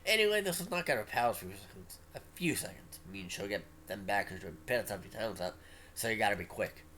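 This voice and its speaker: A man voicing a brash male military trainer, talking in a loud, commanding way in a game read-aloud. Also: lowish voice, lively intonation, fast, a little hiss or hum.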